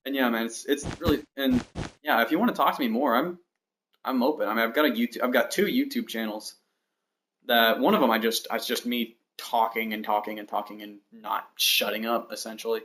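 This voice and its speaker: With a mid-range voice and a fairly quick delivery, a man talks casually to his livestream audience as he builds in a game, rambling, mocking himself, and counting blocks aloud. The poor-quality audio picks up steady mouse and keyboard clicks behind him.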